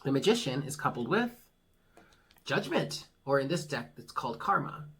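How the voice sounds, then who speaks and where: A tarot reader with a husky, breathy voice talks through a casual monthly reading. The delivery is blunt and swears freely. It cheers the listener on like a friend. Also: medium pitch, big pitch swings, moderate pace, a bit bright. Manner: frank, swears casually, reassuring and pep-talking; laughs at own jokes.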